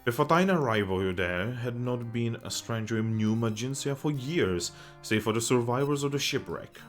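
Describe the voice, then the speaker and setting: A man's voice: mid-range voice, lively intonation, moderate pace, soft background music, natural voice. A man voicing a proud, contented male shipwright who talks in old-fashioned formal phrases. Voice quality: archaic formal speech.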